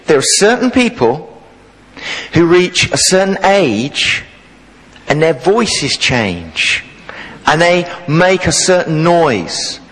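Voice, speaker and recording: Jovial vicar in a reverberant church. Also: male voice, a little high, takes it slowly. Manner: jovial, animated storyteller. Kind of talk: sermon with storytelling.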